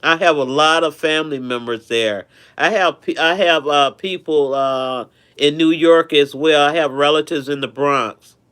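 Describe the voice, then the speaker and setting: A man's voice: a little high, unhurried, hardly any pauses, fairly bright tone, smooth. A man hosting a casual live stream, chatting affectionately with viewers and often repeating himself.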